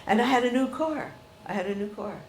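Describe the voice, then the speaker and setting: An older woman telling personal stories to an audience in a chatty, animated way. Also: a little high, fairly quick, slight background noise. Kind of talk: storytelling talk.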